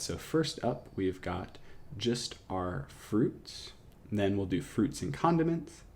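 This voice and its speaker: Male music teacher, lowish voice, steady step-by-step classroom explaining. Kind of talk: classroom lesson.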